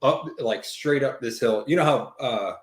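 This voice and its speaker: Man, casual storytelling, profane, rambling, mid-pitched voice, echoey room. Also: moderate pace. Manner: profane, rambling, animated retelling with quoted dialogue. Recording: roomy echo.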